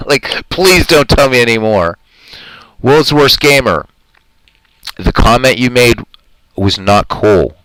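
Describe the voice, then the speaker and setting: A man's voice: mid-range voice, animated, slow pace, long pauses, a bit bright, no room sound, rough recording. A man hosting a live stream in casual chat, talking in an earnest, rambling, heartfelt way and answering his viewers' comments.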